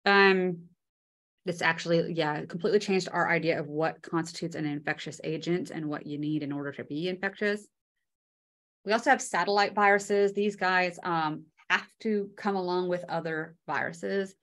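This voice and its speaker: A woman's voice: fairly low pitch, moderate pace, a bit bright. A woman giving a casual, chatty microbiology lecture, with many fillers and homely analogies.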